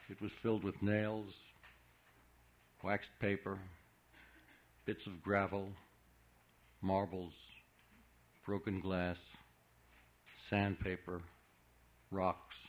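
A man narrating a literary audiobook in a measured, subdued reading. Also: low voice, a little hiss or hum. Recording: dull lo-fi recording.

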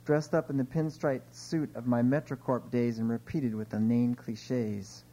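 Middle-aged male author, warm low tone, relaxed informal reading of his short stories. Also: measured pace, hardly any pauses, poor audio. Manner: relaxed, chatty asides between dry readings.

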